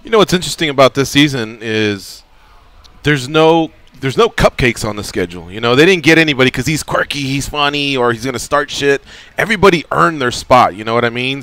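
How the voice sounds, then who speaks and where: A man's voice: mid-range voice, fairly bright tone, no room sound. A man hosting a radio show, interviewing a guest in a joking, conversational way. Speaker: radio host. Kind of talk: casual radio show chat. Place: radio studio.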